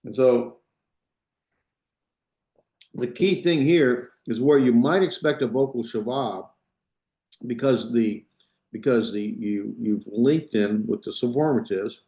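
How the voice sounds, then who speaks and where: A man teaching a class in a loose, unpolished way, restarting sentences and checking that students follow. His voice is mellow and relaxed, and it echoes around the room. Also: on the low side, gravelly. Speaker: Biblical Hebrew teacher. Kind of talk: classroom lecture.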